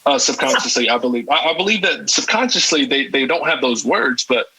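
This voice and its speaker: A man's voice: mid-range voice, animated, a little fast, bright, forceful tone, slightly rough, low-quality recording. A man speaking as a podcast panelist in a casual discussion, reflective and hedging his words.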